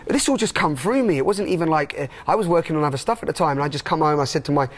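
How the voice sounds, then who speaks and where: A man's voice: fairly high pitch, rapid-fire. Enthusiastic, rambling man. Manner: enthusiastic, rambling, many restarts. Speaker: interviewee. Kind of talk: casual chat.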